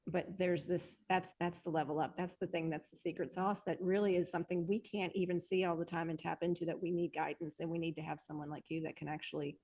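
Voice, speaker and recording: Woman host, lowish voice, excited, keeps restarting her sentences. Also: quick pace, hardly any pauses. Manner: enthusiastic, affirming, rambling restarts. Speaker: podcast host. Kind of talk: conversational interview.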